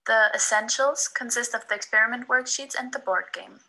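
A woman, a design student, reads a scripted presentation in an even, informative way. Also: fairly high pitch, brisk, low-quality recording.

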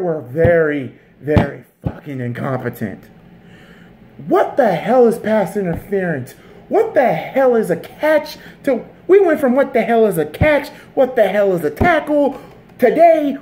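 A fired-up sports vlogger ranting straight to the camera. The voice swings up and down constantly, lively and animated, with frequent swearing, repeated phrases and restarts as the frustration spills out. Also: medium pitch, slight background noise. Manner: heated, profane, repeats himself and restarts mid-sentence. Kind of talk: casual sports rant to camera.

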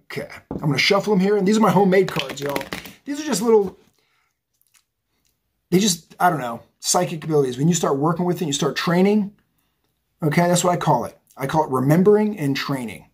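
Middle-aged man, rambling tarot reader, very husky, a bit high-pitched, chatty. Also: fairly quick, pauses often. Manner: chatty, rambling, animated, says "right?" and "okay?" often. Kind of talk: casual tarot reading monologue.

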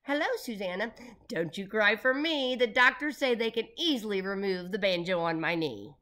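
A loud, playful billionaire man, put on by a woman reading a children's storybook. He talks in a raised, bouncy voice that jumps up high and tosses out puns. The man is eccentric and cheerful. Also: normal speed, lightly acted.

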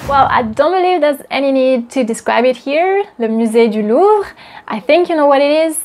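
A woman with a French accent teaching pronunciation, drilling words slowly syllable by syllable. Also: high-pitched, animated, darkish tone. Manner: slow careful drills, repeating words syllable by syllable. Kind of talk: pronunciation lesson.

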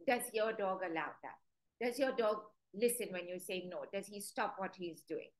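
A woman's voice: medium pitch, normal speed, low-quality recording. A woman giving a live webinar lesson as a dog trainer, chatty and quizzing her viewers. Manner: chatty, asks the audience direct questions; acts out stern and sweet commands to dogs.

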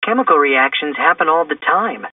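A man's voice: fairly high pitch, expressive, moderate pace, husky, dry recording. A man voicing an upbeat teen girl detective. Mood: informative. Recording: distant, tinny phone-like sound.

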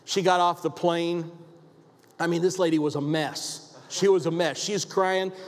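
Brief: male preacher, high voice, emphatic repeated sermon lines, big church reverb. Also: level tone, measured pace. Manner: emphatic, repetitive preaching with rhetorical questions. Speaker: pastor. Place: church sanctuary. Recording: long hall reverb.

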